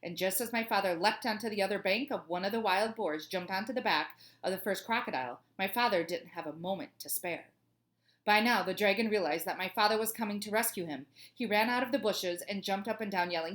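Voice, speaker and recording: A woman's voice: medium pitch, fairly quick, a bit bright. Cheerful woman teacher reading a children's book aloud, chatty asides.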